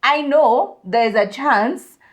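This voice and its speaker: A woman co-hosting a podcast in casual chat, animated and switching between English and Swahili. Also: sits high, slow pace. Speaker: podcast co-host.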